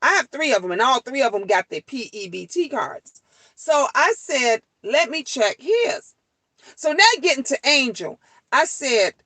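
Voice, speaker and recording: A grandmother hosting a talk show, telling stories and scolding in an animated, outspoken way. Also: a little high, measured pace, no room sound, poor audio. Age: older. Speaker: show host. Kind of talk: casual monologue to listeners.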